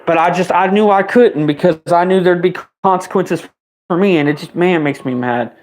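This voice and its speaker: Twenty-something guy venting mad, cussing nonstop, voice shoots up when he's worked up. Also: high voice. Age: 20s. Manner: heated, rapid-fire swearing, voice spiking up when riled. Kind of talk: angry profane rant to the camera.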